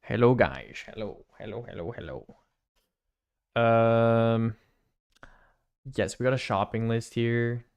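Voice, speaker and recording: A man streaming a video game, chatting casually and thinking out loud as he rambles and repeats himself. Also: medium pitch, takes it slowly, long pauses, clean tone. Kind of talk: casual live-stream chat.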